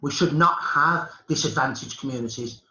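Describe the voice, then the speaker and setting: A man's voice: medium pitch, moderate pace, bright, forceful tone. A middle-aged man with a Brummie accent, talking passionately and emphatically in a conversational discussion, repeating points for emphasis. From England. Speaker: historian guest. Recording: lo-fi with a roomy echo.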